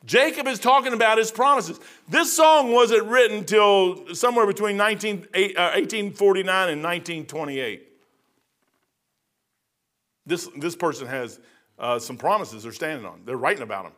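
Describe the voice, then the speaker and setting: High, bright-voiced folksy preacher man. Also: animated, a little fast. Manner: folksy, rambling, says "man" a lot, half-sings hymn lines. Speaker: pastor. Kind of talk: verse-by-verse sermon.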